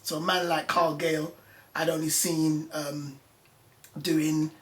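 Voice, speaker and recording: A man's voice: a little high, flat delivery, takes it slowly, roomy sound. A man, a former music journalist, talking as a guest in a casual conversation, telling his story with passion and animation.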